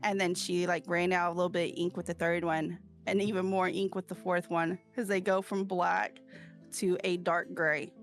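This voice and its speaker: Woman, casual chat, gravelly voice, halting with fillers, faint guitar music. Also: fairly low pitch, flat delivery. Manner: chatty, halting storytelling with many fillers.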